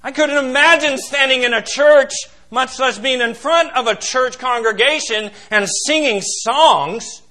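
A male pastor preaching a sermon, emphatic and questioning, swinging from loud declarations to hushed asides. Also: extremely high pitch, a little slow, hardly any pauses. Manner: addresses congregation as beloved, asks questions.

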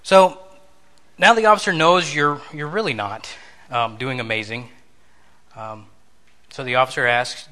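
A man's voice: medium pitch, animated, moderate pace, long pauses, sharp tone. A man giving a conversational sermon lesson, telling a story, acting out bits of dialogue and asking his listeners questions.

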